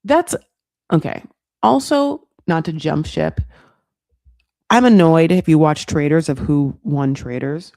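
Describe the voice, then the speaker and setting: A woman hosting a comedic reality TV recap, sarcastic and animated, swearing freely. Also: deep voice, slow, long pauses, dry recording, studio quality. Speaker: host.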